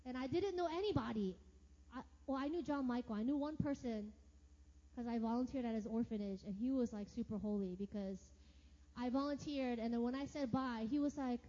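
A woman sharing a personal testimony sermon as a church leader, animated and acting out her own past reactions. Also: on the high side, a little fast. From United States. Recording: reverberant hall, dull lo-fi sound.

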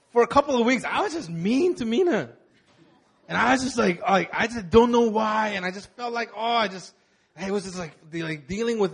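Young male pastor, high voice, casual halting sermon, candid and personal. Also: husky. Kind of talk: conversational sermon.

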